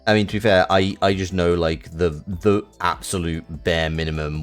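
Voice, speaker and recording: A very deep-voiced host of an online board game session, talking casually and rambling, restarting sentences while walking through the rules. The voice comes through a home microphone on a video call. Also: fairly even intonation, moderate pace, few pauses, clean tone, soft background music.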